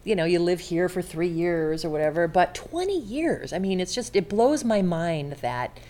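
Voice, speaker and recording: A woman in her forties, a longtime television host, chatting as a guest and telling stories in a lively way, acting out the people she quotes. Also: on the low side, moderate pace. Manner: animated storyteller, acts out quotes. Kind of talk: casual chat.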